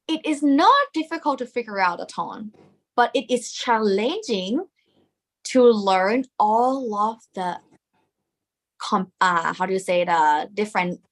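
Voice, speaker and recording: A woman with a Thai accent teaching a live lesson, explaining step by step in non-native English, checking in with her learners and adding Thai polite particles. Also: mid-range voice.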